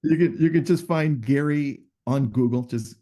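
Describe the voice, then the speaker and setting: A man's voice: medium pitch, normal speed, dark tone. A man hosting a live video call interview, upbeat and joking in friendly banter with his guests. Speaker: host.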